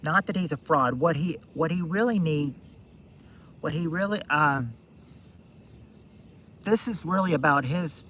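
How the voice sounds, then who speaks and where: Man, 60s, streamer host; rambling, restarts, thinks aloud, slightly high voice. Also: a little slow, pauses often, fairly bright tone, a little hiss or hum. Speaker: streamer hosting a game night. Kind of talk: casual live-stream chat.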